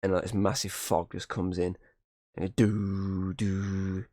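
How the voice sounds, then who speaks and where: A man casually recapping a movie on a podcast, his voice sitting a little low. The sound is close and dry. He rambles through the plot and drops into brief impressions of the characters. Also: level tone, measured pace, darkish tone, no echo. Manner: rambling retelling with quoted character lines. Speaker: podcast host.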